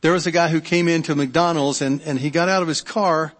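Chatty pastor man, slightly high voice. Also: steady tone, brisk, a bit bright. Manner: conversational, repeats words and restarts, asks the audience. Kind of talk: sermon. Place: church sanctuary. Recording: long hall reverb.

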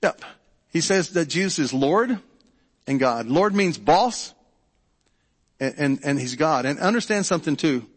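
A man's voice: fairly high pitch, animated, unhurried, pauses often. A middle-aged man preaching a sermon, talking in a loose conversational way, often repeating words and checking in with the congregation. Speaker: pastor. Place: church sanctuary. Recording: long church hall reverb.

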